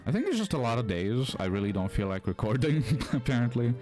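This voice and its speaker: A man's voice: mid-range voice, big pitch swings, fast, darkish tone, soft background music. A man giving casual commentary while he builds in a video game, rambling and amused at himself.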